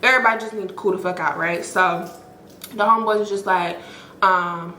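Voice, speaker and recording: A woman hosting a storytime, telling a story in an animated, profane way and acting out what people said. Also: medium pitch, fairly quick, echoey room, slight background noise. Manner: animated, profane, acts out quoted lines. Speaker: storytime host. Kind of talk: casual storytelling.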